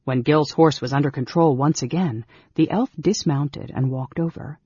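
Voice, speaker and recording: A man narrating a fantasy audiobook in a measured, dramatic storytelling manner. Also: fairly high pitch, mellow, husky, no room sound, lo-fi sound. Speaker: audiobook reader.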